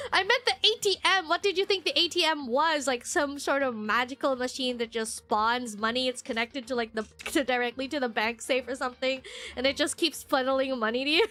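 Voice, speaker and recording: A woman's voice: high voice, brisk, sharp tone. A woman streamer in casual live-stream chat, rambling and chatty with lots of fillers and frequent laughs.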